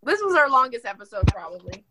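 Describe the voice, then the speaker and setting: A Canadian woman co-hosting a comedy podcast over a video call, playful and quick to laugh. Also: a little high, big pitch swings, noisy background. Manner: giggly, laughs often, playful. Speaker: podcast co-host.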